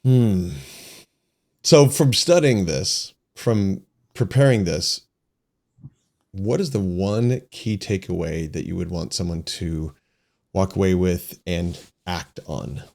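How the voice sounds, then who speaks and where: A man's voice: sits low, slow, gravelly, a little mellow. A man co-hosting a podcast, talking in an easygoing, reflective way and laughing easily. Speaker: podcast co-host. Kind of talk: casual chat.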